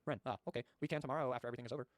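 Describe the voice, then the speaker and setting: A male streamer who rattles through chat logs at a breakneck clip and cuts in with blunt, profane asides. His voice sits at an ordinary middle pitch. It sounds dry and close, with no room around it. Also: steady tone, no room sound. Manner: rapid, blunt, swears casually. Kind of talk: reading chat logs aloud with commentary.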